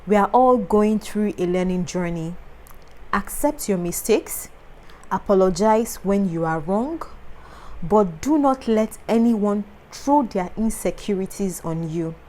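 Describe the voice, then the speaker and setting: Young Nigerian woman, earnest advice vlogger, emphatic and repetitive, mid-pitched voice. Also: lively intonation, measured pace, a little mellow, poor audio. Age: young adult. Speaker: foreign medical student vlogger. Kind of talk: advice talk to camera.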